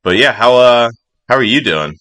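A man trading quick, teasing one-liners in a casual chat with his co-host. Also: medium pitch, animated, a bit bright, no echo.

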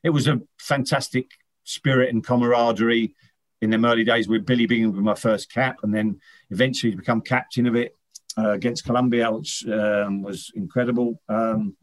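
A man's voice: medium pitch, fairly even intonation, moderate pace. A man, a former footballer, chatting as an interview guest, often restarting and repeating words as he tells stories. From England, Northern Irish parents. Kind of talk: casual interview chat.

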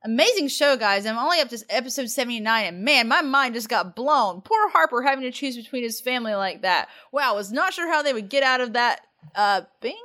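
A woman's voice: fairly high pitch, expressive, a little fast, hardly any pauses, bright, forceful tone. A woman co-hosting a podcast, reading listener reviews aloud in a giggly, casual way. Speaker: podcast co-host.

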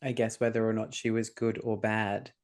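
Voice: mid-range voice, flat delivery, moderate pace, darkish tone. A podcast co-host with a mid-range voice, chatting casually. The delivery is laid-back and dry, with short, agreeable replies. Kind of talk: casual chat.

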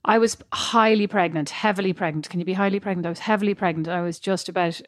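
Animated woman telling stories, dry sound. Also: lowish voice, quick pace, no echo. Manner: animated storyteller, laughs easily. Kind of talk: casual chat.

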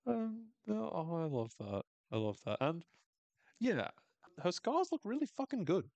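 A man hosting a podcast, recapping a TV episode in casual, animated talk, swearing and laughing often. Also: fairly high pitch, moderate pace, no echo. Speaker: podcast host.

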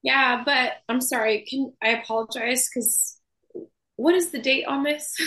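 Woman chatting on a podcast, kinda high and bright, apologizes a lot. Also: fairly even intonation. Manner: apologetic, chatty, quick to laugh. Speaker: podcast co-host. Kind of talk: casual chat.

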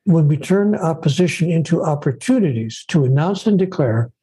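A man, a guest on an interview, speaking about spirituality in a measured, emphatic way, repeating phrases as lists. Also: on the high side, expressive, warm tone, husky, low-quality recording.

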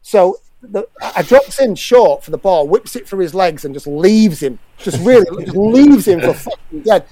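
A middle-aged man from England, a guest who is a former footballer and musician, tells a football story in casual chat. He swears often and stumbles over his words. His high-pitched voice is mellow, with lively intonation at a moderate pace.

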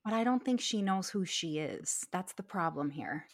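A woman's voice: on the low side, animated, moderate pace. Blunt woman with a Scranton accent. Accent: Scranton, Pennsylvania. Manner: blunt and emphatic, swears freely. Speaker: podcast co-host. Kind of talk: casual recap chat.

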